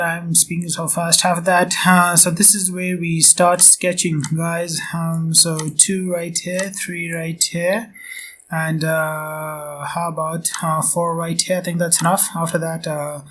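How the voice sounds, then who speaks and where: A man's voice: on the high side, little pitch movement, slow, a bit bright, slight background noise. Man with chatty, filler-heavy tutorial talk. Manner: chatty, filler-heavy, addresses viewers as guys. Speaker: software tutorial instructor. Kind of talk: casual screen-recorded tutorial.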